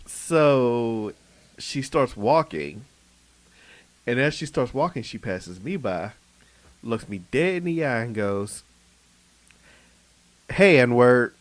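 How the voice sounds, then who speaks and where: A man co-hosting a podcast, telling a story in casual chat, animated and laughing as he acts out quotes. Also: medium pitch, slow, no room sound. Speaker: podcast co-host.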